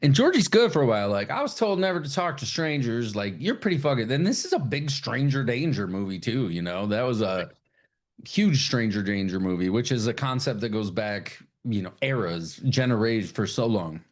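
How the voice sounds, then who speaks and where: A man hosting a casual podcast chat, animated and swearing freely, acting out lines in high put-on voices. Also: normal speed. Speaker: podcast host.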